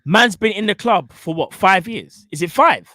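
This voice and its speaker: A man's voice: high-pitched, expressive, moderate pace, crowd noise. A man hosting a football fan show, arguing his point emphatically with slang and repetition. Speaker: fan channel host. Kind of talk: impassioned football opinion.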